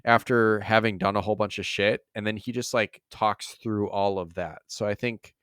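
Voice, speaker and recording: Low, smooth-voiced man chatting casually. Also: fairly even intonation, moderate pace, a bit bright, no echo, studio quality. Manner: rambling, swears freely, many fillers. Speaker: podcast co-host. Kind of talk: casual chat.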